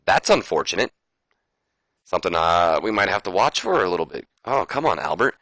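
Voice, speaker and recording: A man's voice: low-pitched, big pitch swings, a little fast, vocal fry, a bit bright, no echo, rough recording. A man casually commenting on a wrestling management game, chatty and prone to swearing. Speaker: gameplay commentator. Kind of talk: casual let's-play commentary.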